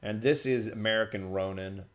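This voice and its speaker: A man's voice: on the low side, normal speed. An English man hosting a casual comic book review stream, chatty and given to joking and teasing. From England. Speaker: host of a comics review livestream. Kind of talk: casual chat.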